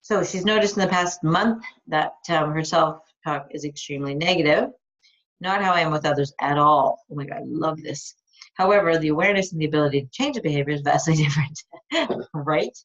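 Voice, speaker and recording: Frank, enthusiastic woman coach, lowish voice. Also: fairly quick, fairly bright tone. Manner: enthusiastic, frank, swears casually. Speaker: life coach. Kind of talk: live coaching call, answering a listener's question. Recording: dull lo-fi recording.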